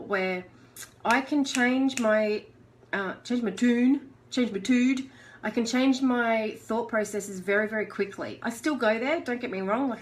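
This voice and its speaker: An Australian woman hosting a live motivational talk, telling a personal story with lots of laughter. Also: fairly high pitch. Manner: animated storyteller who laughs often; acts out her own inner voice in quotes. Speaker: host of a live motivational show.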